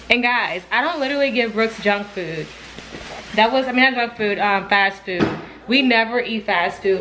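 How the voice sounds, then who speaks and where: A woman's voice: medium pitch, moderate pace, background noise. A woman chatting casually in a family vlog, talking to her baby and the camera. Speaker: vlogger.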